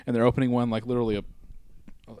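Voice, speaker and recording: A man co-hosting a casual podcast, chatty and quick to laugh, talking in quick bursts. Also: mid-range voice, level tone, warm tone, smooth, no echo. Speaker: podcast co-host. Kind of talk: casual chat. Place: podcast studio.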